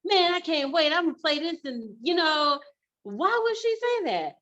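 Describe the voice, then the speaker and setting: A woman hosting a podcast interview, breaking in excitedly with questions. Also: moderate pace, muffled recording. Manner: excited, high and loud when she breaks in. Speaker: podcast host.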